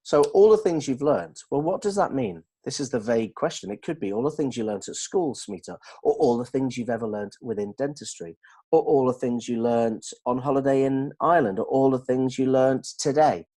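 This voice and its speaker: A man explaining communication ideas to colleagues in an animated way, checking that they follow. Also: mid-range voice, fairly quick. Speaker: dental communication trainer. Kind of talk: explanatory discussion.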